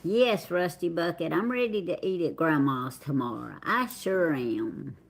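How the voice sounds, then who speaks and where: A woman's voice: on the low side, expressive, measured pace, creaky. A middle-aged woman with a Southern American accent, casually chatting to viewers on a livestream and reading out their names in a drawl. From Southern United States. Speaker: livestream host. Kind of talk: casual live chat greeting viewers.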